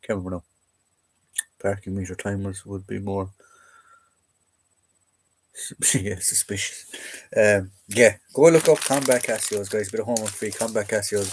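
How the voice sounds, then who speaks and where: A young Irish man hosts a laid-back militaria livestream, reading viewer comments and questions aloud while he rambles and cracks jokes. His voice sits fairly low with a steady tone and normal speed, broken by long pauses. There is slight background noise.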